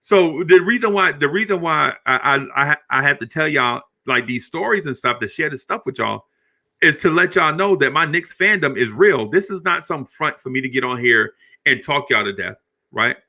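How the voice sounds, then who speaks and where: A middle-aged man hosting a podcast. He tells a story in a casual, animated way, laughs often and keeps repeating words. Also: a little high, normal speed. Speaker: podcast host.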